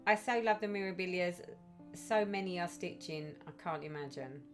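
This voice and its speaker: A woman's voice: on the low side, moderate pace, over music. A woman hosting a casual live stream, chatting and reading out viewers' comments with effusive sympathy.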